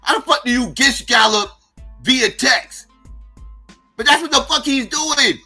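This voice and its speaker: High, piercing man ranting in exasperation. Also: measured pace, husky, soft background music. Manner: incredulous, exasperated, swings loud and soft. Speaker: livestream commentator. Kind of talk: profane ranting commentary.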